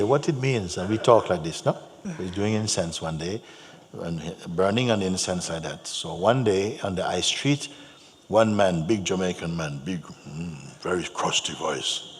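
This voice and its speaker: A man giving a spiritual talk to an audience, telling stories gently and repeating his phrases, with soft laughs. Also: low voice, measured pace. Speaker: spiritual teacher. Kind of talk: spoken teaching to an audience. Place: large hall. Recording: long hall reverb, faint hum.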